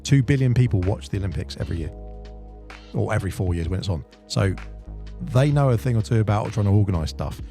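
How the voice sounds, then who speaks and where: A man's voice: lowish voice, expressive, fast, warm tone, soft background music. A man co-hosting a casual podcast, chatty and explaining things at length with restarts. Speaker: podcast co-host. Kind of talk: casual chat.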